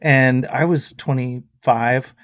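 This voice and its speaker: A man's voice: medium pitch, takes it slowly, no room sound, studio quality. A middle-aged man, a musician guest, telling anecdotes in casual chat and often laughing as he talks. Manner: animated storyteller who laughs often.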